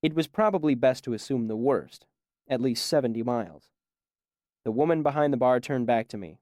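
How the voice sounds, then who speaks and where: Male audiobook narrator, measured first-person storytelling, dry studio sound. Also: mid-range voice, lively intonation, darkish tone, no room sound.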